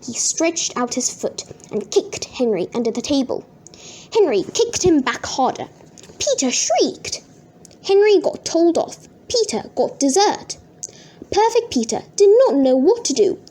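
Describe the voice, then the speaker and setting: A woman reading a children's book aloud in an expressive, sing-song way. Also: high-pitched, a little slow. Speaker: storybook reader.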